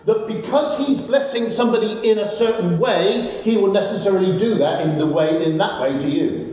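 A man preaching a sermon, telling Bible stories with animated, rising exclamations. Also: high-pitched, moderate pace, hardly any pauses. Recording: distant, roomy, dull recording with faint noise.

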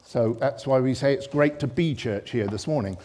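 A man preaching a sermon in church, impassioned, swinging between loud exclamations and hushed reflection. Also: medium pitch, moderate pace.

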